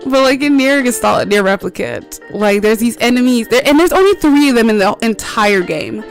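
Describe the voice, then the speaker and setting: A woman's voice: a little high, lively intonation, a little fast, faint music behind. A woman streamer chatting casually while playing a game, rambling through stories with lots of filler words, swearing freely and laughing often.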